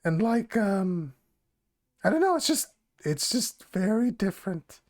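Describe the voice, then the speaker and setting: A game master voicing a shy goblin woman, a former scholar turned worshipper, who speaks slowly and haltingly. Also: medium pitch, sing-song, a little mellow. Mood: hesitant. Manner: slow, halting, full of ums.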